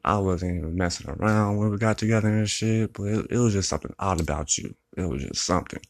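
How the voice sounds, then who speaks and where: A man's voice: low-pitched, fast. A young man venting in a rambling, profane monologue, upset and close to tears, repeating himself often. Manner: rambling, profane, repeats "you know what I'm saying".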